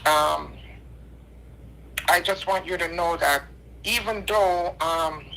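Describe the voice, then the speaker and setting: A woman's voice: fairly low pitch, slow, gravelly, fairly bright tone, slight background noise. A tearful woman calling in on a phone line, talking in an earnest, repetitive, preacherly way. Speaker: caller. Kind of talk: emotional call-in apology.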